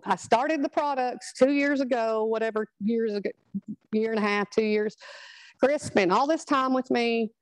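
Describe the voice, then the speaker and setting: A woman's voice: mid-range voice, a little mellow, dry recording, low-quality recording. A middle-aged woman, giving a chatty, earnest motivational talk to a live group. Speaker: speaker at a product training.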